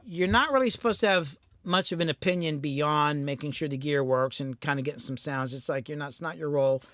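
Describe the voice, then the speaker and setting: A middle-aged man with a slightly high voice talks candidly on a casual livestream. His delivery is blunt and peppered with swearing. He is recorded close and dry, with no room sound around him. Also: fairly bright tone, no room sound. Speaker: host, recording engineer and producer.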